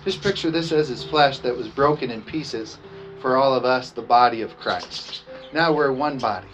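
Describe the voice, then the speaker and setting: A man preaching a communion sermon, reading scripture aloud, slowing down on key phrases and leading the congregation in repeating lines. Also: medium pitch, a bit bright. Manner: emphatic, slows down on key phrases. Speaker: pastor. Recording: dull lo-fi sound with music behind. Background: music playing.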